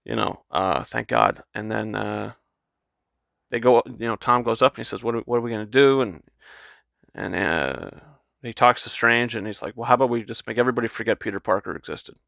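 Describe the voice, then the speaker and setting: A man giving a casual, excited film review, rambling and repeating words as he retells scenes. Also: on the low side, a little fast, creaky, no room sound.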